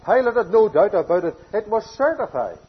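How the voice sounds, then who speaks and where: A man preaching a sermon, emphatic, with loud declarations that drop to hushed phrases. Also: high-pitched, sing-song, a little fast, breathy edge. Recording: dull lo-fi sermon recording.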